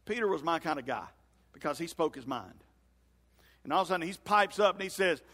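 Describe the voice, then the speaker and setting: A male pastor preaching a sermon in a church sanctuary, acting out scripture dialogue with lively swings in voice. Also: on the high side, brisk. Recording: long hall reverb.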